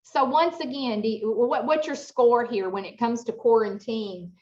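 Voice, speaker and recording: A middle-aged woman giving an interactive online workshop, chatty and expressive, asking the audience lots of rhetorical questions over a video call. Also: a little high, normal speed, dull audio, a little hiss or hum. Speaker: workshop presenter.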